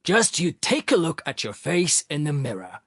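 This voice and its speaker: A man's voice: fairly high pitch, huge pitch swings, moderate pace, a bit bright, husky, no echo, clean studio sound, pitched above the performer's own voice, full character voice. A man voicing a stern, exasperated older professor, severe and indignant in manner.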